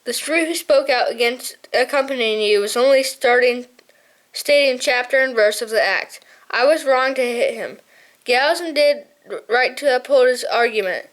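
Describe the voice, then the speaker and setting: A woman's voice: sits high, normal speed, natural voice. A woman reading an audiobook, voicing a blunt, loyal male shrew chieftain who speaks plainly and a little hesitantly. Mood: apologetic.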